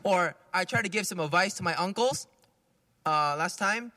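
A man's voice: sits high, normal speed, sharp tone, long reverb tail. A man, a priest, giving a conversational homily, often laughing as he talks.

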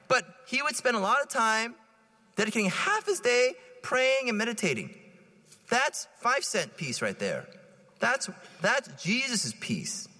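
A man in his thirties, a priest giving a conversational homily at Mass, telling stories in an animated way and checking in with the congregation. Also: high voice, long reverb tail. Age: 30s. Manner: animated storytelling, checking in with "right?". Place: church.

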